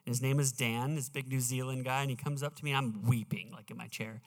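A man preaching a sermon in a church, earnest and deliberate, slowing down to read scripture with emphasis. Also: medium pitch, fairly even intonation. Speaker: pastor. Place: church sanctuary. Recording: reverberant church hall.

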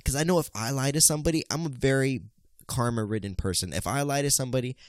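A man's voice: mid-range voice, quick pace, no room sound. Man, podcast host, casual profane storytelling, dry sound. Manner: animated, profane, mimics voices in his stories.

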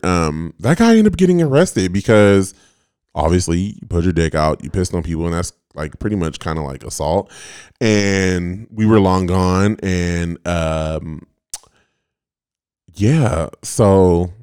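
A man's voice: low-pitched, sing-song, measured pace, a little mellow, clean tone, dry recording, clean studio sound. A man in his late twenties, a podcast host, telling a rambling, profane story in a casual way with lots of "like" fillers.

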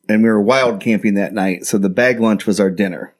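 A man's voice: on the low side, steady tone, brisk. An American man chatting casually as a podcast guest, telling rambling travel anecdotes with many restarts. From United States. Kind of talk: casual storytelling chat.

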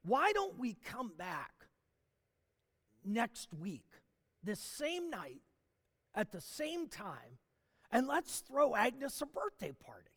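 An eager, kind man, as a storyteller quotes him, earnest and coaxing. His voice is high and lively. It rings in a long hall reverb. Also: slow, pauses often, exaggerated voice.

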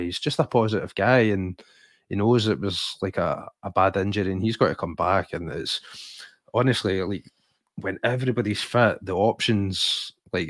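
A man's voice: deep voice, fairly bright tone, dry recording. A Scottish man co-hosting a podcast, chatting about football in a rambling, enthusiastic way full of fillers. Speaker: podcast co-host. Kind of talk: casual chat.

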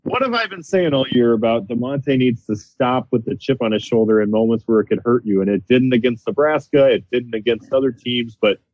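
A man co-hosting a podcast, giving measured analysis of a basketball game over a phone connection. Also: mid-range voice, no echo. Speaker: podcast co-host. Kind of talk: casual commentary over a phone line. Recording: tinny phone line.

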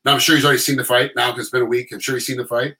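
A middle-aged man telling stories in casual chat, animated and acting out quotes in other voices. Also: mid-range voice, racing, poor audio.

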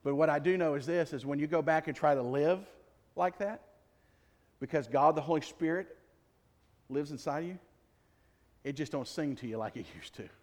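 A man's voice: a little high, moderate pace, long pauses, a little mellow. A man preaching a sermon as pastor, in a conversational, jokey way full of rhetorical questions. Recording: long reverb of a large hall.

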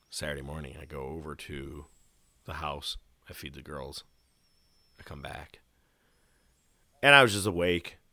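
A man co-hosting a casual wrestling podcast, animated and laughing often as he acts out quotes. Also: very deep voice, no echo. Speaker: podcast co-host.

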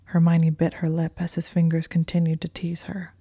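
Fields: Sex: woman. Role: narrator. Style: whispered story narration. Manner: slow, hushed, even. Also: lowish voice, breathy edge, no room sound.

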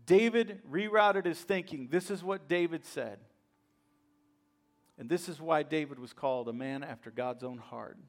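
A male pastor preaching a sermon, retelling a story dramatically and swinging from hushed lines to loud, emphatic ones. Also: fairly high pitch, normal speed, soft background music.

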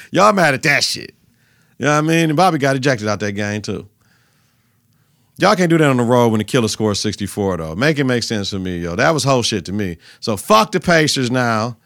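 A man hosting a podcast, giving casual sports talk in a profane, animated style with lots of repetition. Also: medium pitch, brisk, creaky, no echo, clean studio sound. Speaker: podcast host.

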